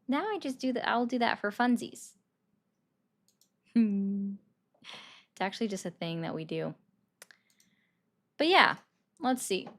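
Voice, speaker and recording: A woman's voice: medium pitch, lively intonation, slow pace, pauses often, a bit bright. Chatty woman hosting a call-in stream. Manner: chatty, reads and answers viewer comments. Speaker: livestream host taking calls. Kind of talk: casual political commentary chat. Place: bedroom at home. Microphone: desk microphone.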